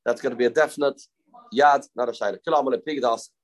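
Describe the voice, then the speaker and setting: A man's voice: mid-range voice, fairly even intonation, fast talker. Man thinking aloud through a Talmud class. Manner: thinking aloud, repeating phrases, mixing Hebrew terms into English. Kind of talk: informal Talmud lesson.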